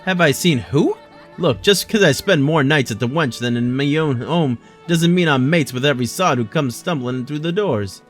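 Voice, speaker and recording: A man voicing a cranky, hard-drinking tavern regular with indignant, rough-slang delivery. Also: on the high side, moderate pace, faint music behind, lightly acted.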